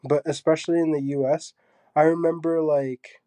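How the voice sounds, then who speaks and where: A young man from Zambia, a guest artist, talking casually in an interview with a soft, halting manner full of fillers. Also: a little high, little pitch movement, dry recording.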